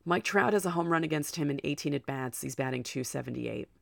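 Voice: medium pitch, animated, a little fast, creaky, no room sound, clean studio sound. A podcast host talking through a solo sports show, out of breath and chatty, with personal asides.

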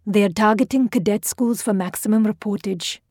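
A woman reading the lines of a tense, quick-tempered male school official in an audio drama, speaking clipped and defensive. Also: high-pitched, a little mellow, no room sound, clean studio sound. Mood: grim.

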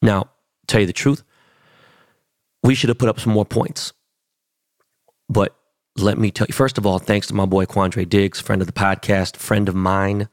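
A man's voice: lowish voice, steady tone, unhurried, long pauses, no echo, studio quality. A man hosting a podcast, telling a boastful, profane story in casual chat. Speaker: podcast host.

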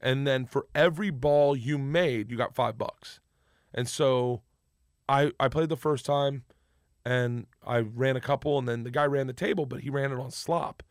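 A man telling a long story in casual chat, animated and profane, acting out the other people's lines. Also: mid-range voice, moderate pace, no echo, clean studio sound. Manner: animated, profane, acts out quotes. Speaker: guest storyteller.

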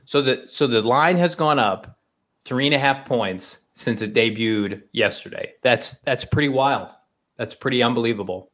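A man co-hosting a podcast, chatting about football in a lively, joking way. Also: medium pitch, moderate pace. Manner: animated, joking, laughs easily. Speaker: podcast co-host. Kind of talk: casual sports podcast chat.

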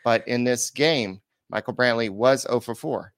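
A man's voice: mid-range voice, unhurried, a bit bright, clean tone, no room sound. A man hosting a casual sports podcast, rambling through game stats with lots of "uh" and restarts. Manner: rambling, filler-heavy stat talk. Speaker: podcast host.

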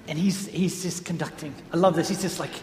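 Man, informal talk to a group, rambling storyteller, slightly high voice, long hall reverb. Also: steady tone, brisk, background noise. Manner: rambling, self-correcting storyteller. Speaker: speaker addressing a group. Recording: echoey hall with faint ambience.

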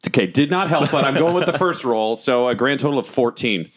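A man plays a tabletop game with friends, animated and laughing as he talks. His voice sits mid-range with very lively swings, and he swears freely. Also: mid-range voice, a little fast, noisy background. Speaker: player. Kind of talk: casual tabletop game play.

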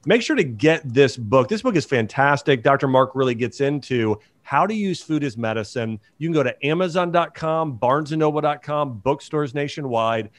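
A man's voice: mid-range voice, animated, normal speed, few pauses, dry recording. Enthusiastic male podcast host, dry sound. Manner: enthusiastic, encouraging listeners. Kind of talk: podcast interview.

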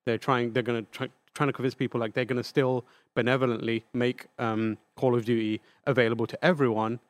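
Male guest journalist, mid-pitch, rambling thoughtful podcast chat; dry close mic. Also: level tone, fairly quick, no echo. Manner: thinks aloud with many likes and restarts.

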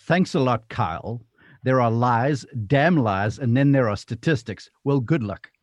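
A man's voice: medium pitch, animated, measured pace, dry recording, pitched below the performer's own voice, natural voice. A man putting on a South African accent to play a proud, prickly elderly golf legend in clipped, mock-indignant retorts.

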